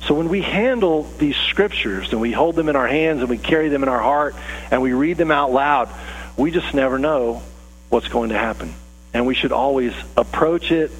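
A man preaching a sermon and telling a story in a relaxed, conversational way, with fillers and restarts. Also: medium pitch. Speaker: pastor. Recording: long reverb with faint hum.

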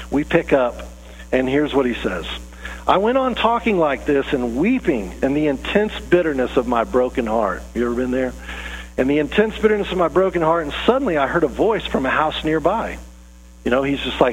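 A man preaching a sermon and telling a story in a relaxed, conversational way, with fillers and restarts. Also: a little high. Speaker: pastor. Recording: long reverb with faint hum.

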